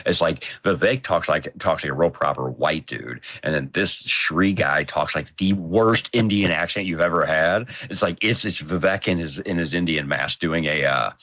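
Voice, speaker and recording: A man with an extremely low voice talks loosely on a live show, rambling and joking. His tone is gravelly yet oddly bright and forceful. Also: normal speed, few pauses, no echo. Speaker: co-host. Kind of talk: casual chat.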